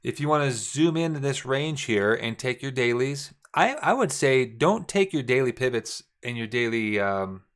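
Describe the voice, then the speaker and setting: Middle-aged male trading instructor, easygoing, repeats key points, mid pitch. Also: expressive, moderate pace, few pauses, fairly bright tone, smooth. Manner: casual, repetitive, talks while drawing charts. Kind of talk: screen-share trading lesson.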